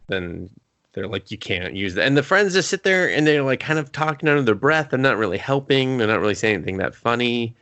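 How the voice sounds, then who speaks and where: Low-voiced man recapping a movie. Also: a bit bright, dry recording. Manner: swearing, laughing, rambling recap. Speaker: podcast co-host. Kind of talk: casual movie review chat.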